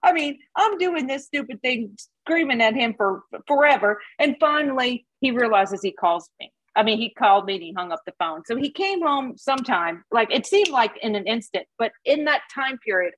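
A woman's voice: fairly high pitch, a bit bright, dry recording, poor audio. A middle-aged woman sharing her personal recovery story with a support group, candid, laughing at her past. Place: Dallas.

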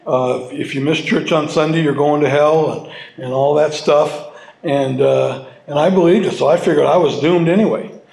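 A man sharing his personal story with an audience at a recovery meeting, halting and heartfelt, restarting and repeating his words as he goes. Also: on the high side, creaky, darkish tone. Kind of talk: personal testimony to a live audience. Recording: roomy hall sound.

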